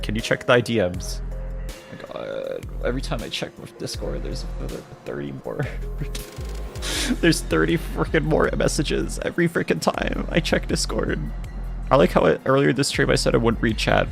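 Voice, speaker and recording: A man's voice: medium pitch, big pitch swings, moderate pace, vocal fry, soft background music. A young man streaming games, reading chat aloud and joking with his viewers. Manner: joking, reads chat aloud, frequent laughter. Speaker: game streamer. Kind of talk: casual chat while streaming.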